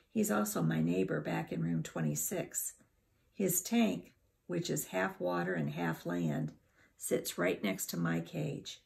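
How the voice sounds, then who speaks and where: A woman reads a children's chapter book aloud, taking her time over every sentence. Her low voice has a heavy gravelly fry, and her pace is very slow and deliberate. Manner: unhurried, expressive reading. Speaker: teacher reading aloud. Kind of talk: storybook read-aloud.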